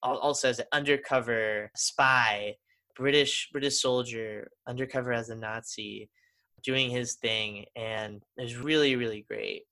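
A man's voice: medium pitch, steady tone, unhurried, pushed and bright. A man co-hosting a podcast in casual chat, enthusiastic and rambling with restarts. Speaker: podcast co-host.

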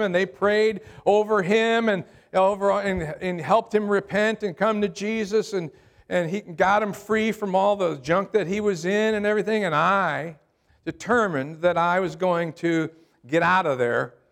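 Gravelly older male pastor preaching. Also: a little high. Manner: conversational storytelling, repeats words when starting sentences. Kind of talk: sermon with personal testimony.

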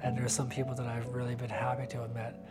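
A man giving a candid interview about his faith, talking earnestly and haltingly with frequent restarts. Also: mid-range voice, completely flat delivery, loud music behind the voice. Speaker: interviewee sharing a personal faith testimony.

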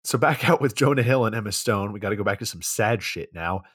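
A man's voice: on the low side, expressive, fast, fairly bright tone, husky. A man co-hosting a podcast, recapping a movie in a loose, profane, rambling way. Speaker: podcast co-host. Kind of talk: casual movie recap chat.

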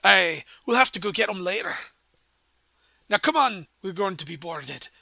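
A man voicing an alarmed male dwarf pirate crewman in a put-on pirate dwarf accent, shouting urgently. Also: sits high, lively intonation, moderate pace, gravelly, no room sound, heavily acted.

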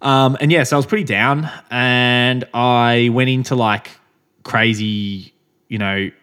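A man's voice: mid-range voice, steady tone, slow, fairly bright tone, clear, resonant tone. A young man co-hosting a podcast, rambling through a casual story with loose swearing and frequent laughs. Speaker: podcast co-host. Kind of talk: casual chat.

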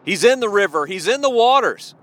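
A man preaching a sermon, swinging between soft pleading and loud, impassioned declaration. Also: high voice, expressive, a little fast.

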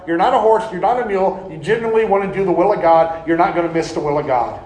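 A man preaching a sermon in an animated, folksy way, often breaking into laughter. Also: high voice, quick pace, hardly any pauses. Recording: echoey room.

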